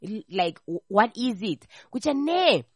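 A woman hosting a radio call-in show, chatting casually and telling a gossipy story with lively voices for the people in it. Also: a little high, unhurried, slightly rough, dry recording, studio quality. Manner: animated, acts out the people in her stories.

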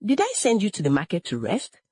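A woman's voice: mid-range voice, huge pitch swings, fast, darkish tone, breathy edge, no echo, clean studio sound. A woman voicing a harsh, cruel middle-aged stepmother who scolds with contempt. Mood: scolding.

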